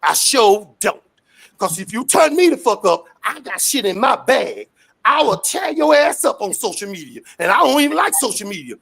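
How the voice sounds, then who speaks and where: Gravelly, fiery man for a street interview rant, loud and profane. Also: sits high, big pitch swings, normal speed. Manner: fiery, profane, shouting rants.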